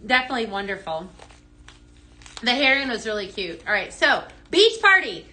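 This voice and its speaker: A woman's voice: on the high side, very animated, normal speed, pushed and bright. A woman hosting a live sales demo who chats with viewers and reads out their comments. She talks with lots of enthusiasm and plenty of "um"s. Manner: enthusiastic with fillers and restarts. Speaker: host of a live home-fragrance sales show. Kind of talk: casual live-stream product demo.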